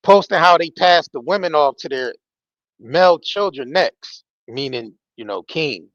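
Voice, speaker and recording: A man's voice: a little high, animated, a little slow, a bit bright, dry recording. A man hosting a live stream, giving casual commentary in loose, slangy, emphatic talk and swearing freely. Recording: dull, dry lo-fi audio.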